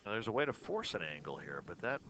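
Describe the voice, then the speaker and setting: Deep-voiced man calling pool. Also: very animated, noisy background. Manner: measured, analytical, chuckles often. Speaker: pool commentator. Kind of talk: play-by-play commentary.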